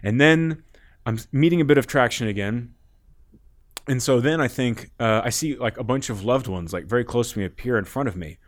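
A man's voice: medium pitch, brisk. A man guest on a podcast, telling a rambling story in casual talk, often laughing and swearing.

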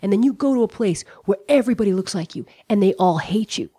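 A woman's voice: medium pitch, lively intonation, fast, mellow, husky, no echo, clean studio sound. A middle-aged American woman telling a personal story, candid and profane, with lots of "like" and "you know". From United States. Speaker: comedian guest.

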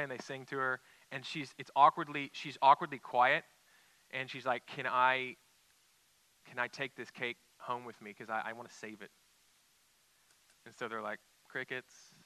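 Young male pastor, very bright and clear tone, casual sermon delivery that goes quiet and earnest. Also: mid-range voice, no room sound, poor audio. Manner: conversational storytelling, drops to quiet intensity.

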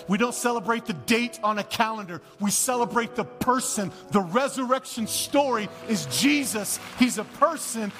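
A male pastor preaching a sermon, telling a Bible story in a lively, conversational way and acting out the scenes. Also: sits high. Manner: animated, conversational, acts out the scenes. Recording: long church-hall reverb, faint music.

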